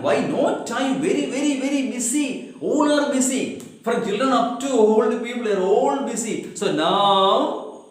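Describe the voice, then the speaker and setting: A man teaching an English poetry lesson, explaining lines slowly, repeating himself and asking the students rhetorical questions. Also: a little high. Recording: very echoey room.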